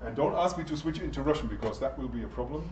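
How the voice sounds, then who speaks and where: A man's voice: mid-range voice, rapid-fire, a little mellow, slight background noise. A man giving a chatty university lecture and putting questions to the class. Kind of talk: interactive lecture. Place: lecture room. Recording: echoey, distant, dull lecture-room recording.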